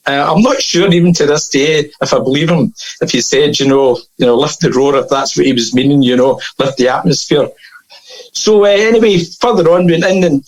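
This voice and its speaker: Scottish man, higher voice, telling a story. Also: rough recording. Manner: lively storyteller, laughs at his own tales. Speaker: podcast guest. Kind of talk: casual anecdote telling.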